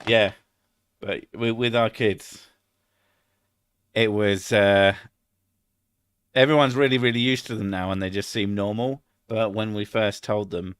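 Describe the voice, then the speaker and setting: A man's voice: lowish voice, steady tone, a little slow, long pauses, smooth, no echo, clean studio sound. A middle-aged British man chatting casually on a live stream, rambling, swearing a lot and laughing at his own jokes.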